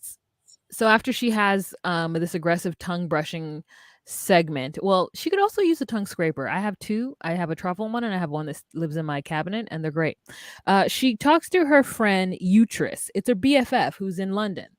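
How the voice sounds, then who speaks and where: A woman's voice: on the low side, very animated, normal speed, no room sound, clean studio sound. A woman co-hosting a casual recap podcast, chatty and wry, telling the story with asides. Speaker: podcast co-host recapping a reality show. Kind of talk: casual chat.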